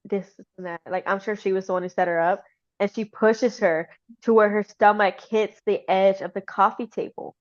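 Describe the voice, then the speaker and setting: A woman hosting a casual chat, retelling a story in an animated way with many "like" fillers. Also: medium pitch, moderate pace. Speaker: host. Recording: slightly dull lo-fi sound.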